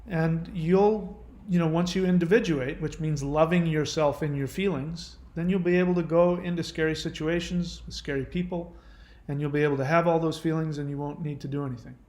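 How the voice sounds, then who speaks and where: A man hosting his own channel, answering viewer questions in casual, gentle, reassuring advice talk. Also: fairly high pitch, fairly even intonation, fairly quick, roomy sound.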